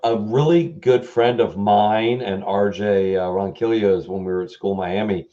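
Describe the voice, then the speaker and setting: Man, very low voice, mellow tone, livestream co-host, laid-back chat, muffled recording. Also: moderate pace.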